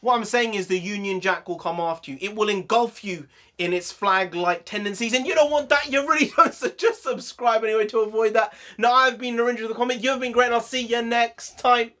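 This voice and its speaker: A man with a southern English accent, from the London area, hosting a casual reaction video with jokey, excitable commentary and frequent laughter. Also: sits high, brisk, few pauses. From London area, England. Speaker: YouTube host.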